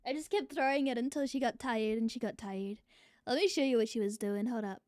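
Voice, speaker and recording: A woman's voice: fairly high pitch, a little fast, darkish tone, no room sound, clean studio sound. A young adult woman streamer chatting casually to her viewers, swearing freely. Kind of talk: casual live-stream chat.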